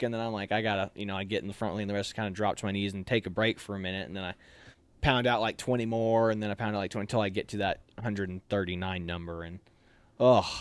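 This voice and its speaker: In a casual interview, an officer candidate recounts a story, using many fillers and animatedly performing the voices of its characters. His mid-range voice is clear and resonant, recorded without echo.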